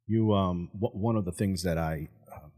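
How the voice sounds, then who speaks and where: A man with a very deep, husky voice hosts a casual podcast interview. He cuts in with quick jokes and asks loose, rambling questions. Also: mellow. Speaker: podcast host.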